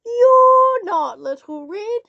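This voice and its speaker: Storybook granny: feisty, spirited old woman, voiced by a woman reader, slow and lively, lo-fi. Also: very high voice, no echo, voice pushed up, full character voice. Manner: spirited, yelling. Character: old grandmother, feisty and brave.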